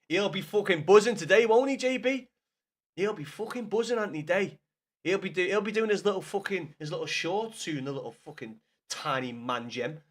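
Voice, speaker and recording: Talking fast and a bit high-pitched, this Scouse streamer in his thirties is hungover and all over the place. He chats casually to viewers, swearing constantly and starting his sentences over.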